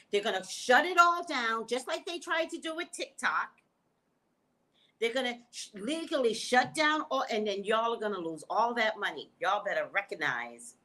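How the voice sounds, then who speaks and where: An animated woman hosts a psychic livestream from home, chatting straight to her viewers through a webcam mic. She takes her time, and her pitch swings up and down a lot. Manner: animated, talks straight to viewers, laughs often. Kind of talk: casual livestream chat with viewers.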